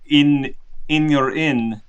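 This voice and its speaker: A man voicing a boastful bard who speaks in a bad put-on Russian accent, slow and grand, in a tabletop game. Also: fairly high pitch, steady tone, dull audio, slight background noise. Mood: grandiose.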